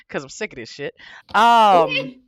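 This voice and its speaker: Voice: medium pitch, animated, takes it slowly, a bit bright, no echo. A livestream host with a lisp, chatting casually and rambling with swearing and frequent laughs.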